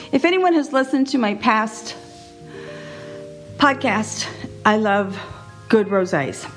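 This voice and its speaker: Middle-aged woman hosting a solo podcast; chatty, animated, pitched a bit high, soft music under her. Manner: chatty, laughs often, animated. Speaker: podcast host.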